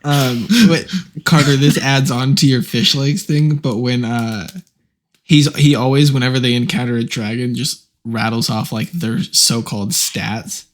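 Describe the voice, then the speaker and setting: Guy co-hosting a podcast, mid-pitched voice, laid back, kinda hesitant. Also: fairly even intonation, unhurried, a little hiss or hum. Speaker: podcast co-host. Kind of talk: casual chat.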